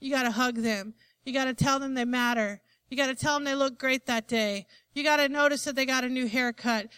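High, bright-voiced woman preaching. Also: a little fast, clear, resonant tone, no room sound. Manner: emphatic, asks the congregation for "Amen?". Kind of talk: sermon.

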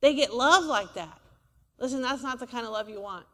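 A woman's voice: a little high, normal speed, fairly bright tone, in a large hall. A woman preacher, delivering a sermon in a church and asking the congregation for amens. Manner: call-and-response preaching, asks for amens.

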